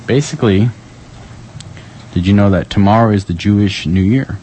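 A man's voice: on the low side, moderate pace, slight background noise, poor audio. A man hosting a community radio show, chatting casually and jokily as he reads out the day's events. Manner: playful, jokey, reading calendar items with lively ups and downs.

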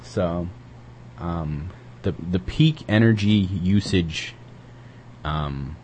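A man's voice: low-pitched, extremely slow, a little mellow, a little hiss or hum. A man co-hosting a community radio show, chatting casually and reading news, rambling with lots of hesitant fillers.

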